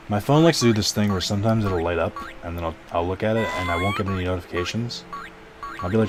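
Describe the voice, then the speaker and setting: A man's voice: lowish voice, wildly swooping pitch, a little fast, pauses often. A man streaming a video game, rambling casually to his chat and swearing now and then. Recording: game music underneath.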